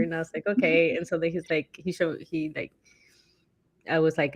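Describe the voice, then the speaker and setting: A woman with a lowish, steady voice co-hosts a casual chat at a moderate pace. She talks loosely with many fillers and acts out quotes animatedly.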